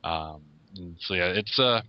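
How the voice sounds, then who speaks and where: A lower-voiced man as a podcast guest, walking through a movie's story in a steady, explanatory way. The sound is muffled and lo-fi. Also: no room sound. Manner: measured, explanatory, summarizing plots. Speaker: guest film reviewer. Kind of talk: casual interview. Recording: lo-fi podcast recording.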